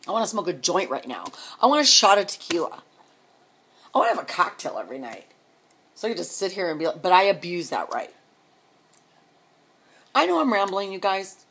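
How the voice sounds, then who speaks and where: Middle-aged woman vlogger, breathy and lowish, venting in a sarcastic, rambling rant. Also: sing-song, a little fast, pauses often, fairly bright tone.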